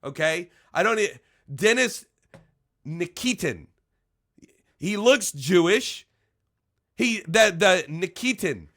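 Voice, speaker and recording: High-pitched bright-voiced man ranting angrily. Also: animated, slow, pauses often. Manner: profane, heated, jumps between muttering and shouting; stammering restarts when agitated. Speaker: commentator reacting to an article. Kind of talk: angry ranting commentary.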